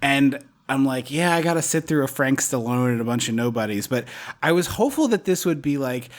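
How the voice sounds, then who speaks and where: Man, podcast co-host, casual movie chat, rambling, quick laughs, mid-pitched voice. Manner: rambling, animated, laughs often.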